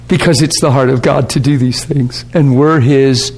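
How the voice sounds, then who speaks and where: A man's voice: medium pitch, fairly even intonation, normal speed, darkish tone, slightly rough. A male pastor teaching a class in a conversational way, checking in with listeners and often breaking into laughter. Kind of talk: sermon teaching. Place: warm classroom or church hall.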